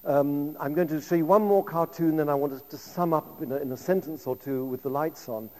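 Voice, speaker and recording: A man in his fifties gives a public lecture, his fairly high, warm voice ringing through the hall with a long reverb. He moves briskly through anecdotes in a chatty style, often turning aside to address the audience.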